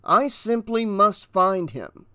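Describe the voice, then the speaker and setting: A man voicing a polite, mysterious tall stranger who speaks slowly and courteously. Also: high voice, smooth, no echo, clean studio sound, lightly acted.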